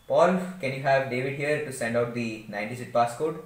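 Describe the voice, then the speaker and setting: A man's voice: mid-range voice, normal speed, lightly acted. A man playing a flustered boss on a call. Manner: flustered, apologetic. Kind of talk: amateur comedy skit. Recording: echoey room with noise, far off.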